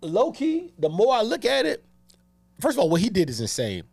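A man's voice: high-pitched, gravelly, dry recording. A man co-hosting a podcast in loose, joking casual chat with friends. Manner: animated, joking, fast and overlapping. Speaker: podcast co-host.

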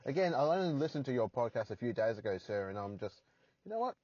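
A man's voice: mid-range voice, big pitch swings, fast talker, warm tone, slightly rough, no echo, lo-fi sound. An Australian man hosting a solo podcast from his parked car, rambling and poking fun at himself with crude jokes. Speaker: podcast host.

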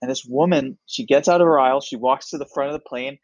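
A man telling a lively, animated story in casual chat, slipping into the voices of the people in it. His voice sits at a middle pitch. The sound is dry and close, with no room echo. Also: quick pace, muffled recording. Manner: animated, acts out other people's lines. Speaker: comedian guest.

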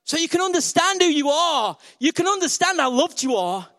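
A male pastor preaches with a high voice for a man. He is playful and energetic and keeps talking directly to his congregation. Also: normal speed. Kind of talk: sermon.

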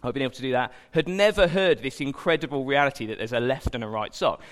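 A man's voice: medium pitch, fast talker. A young man giving an informal sermon, chatty and self-deprecating, with jokey asides. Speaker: preacher. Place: church hall. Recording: long hall reverb.

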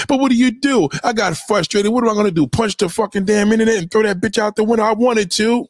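A man's voice: sits high, fast, few pauses, dry recording, studio quality. A man ranting on a livestream in a heated, preachy way, swearing constantly and repeating his points. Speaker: livestream host. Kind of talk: profane motivational rant. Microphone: home webcam mic.

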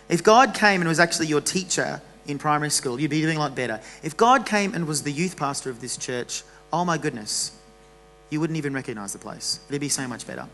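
A man preaching a casual, animated sermon to a church youth gathering. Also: a little high, poor audio.

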